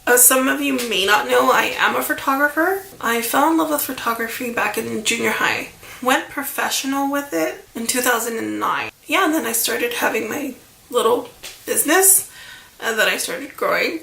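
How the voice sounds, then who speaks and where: A woman's voice: a little high, normal speed, vocal fry, sharp tone, reverberant. A woman vlogger rambling through a casual storytime chat, full of fillers and asides, a little emotional. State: emotional, near tears.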